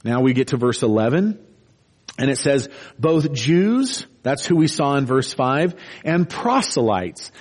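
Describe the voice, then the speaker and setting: A man's voice: mid-range voice, sing-song, a little slow. A man preaching an expository sermon in an earnest, explanatory way, stopping to restart and building emphasis as he goes.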